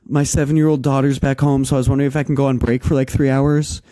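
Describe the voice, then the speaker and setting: A man's voice: medium pitch, flat delivery, fast, dark tone, no echo, natural voice. A man voicing a flustered, clueless young female yacht stewardess who rambles and keeps apologizing. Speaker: podcast guest.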